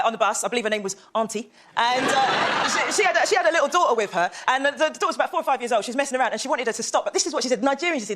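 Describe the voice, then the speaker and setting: A man telling an animated stand-up story about family discipline. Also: extremely high pitch, very noisy. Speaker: stand-up comedian. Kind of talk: stand-up routine.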